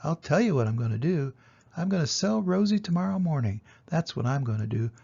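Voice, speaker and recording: An older man voicing a hot-tempered farmer in a storybook reading, shouting and blustering in a gravelly voice. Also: fairly high pitch, very animated, brisk, exaggerated voice. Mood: stern. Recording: dull lo-fi recording.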